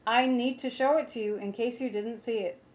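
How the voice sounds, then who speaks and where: Chatty woman with a slightly high voice. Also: steady tone, normal speed, highs cut off. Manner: chatty and rambling, reads viewer chat aloud; indignant, sarcastic asides. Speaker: psychic tarot reader. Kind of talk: casual livestream chat.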